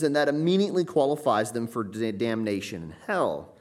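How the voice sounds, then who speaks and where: A man's voice: mid-range voice, big pitch swings, brisk, a little mellow. A man preaching a teaching sermon from the United States, earnest and emphatic, often restarting his sentences. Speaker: pastor.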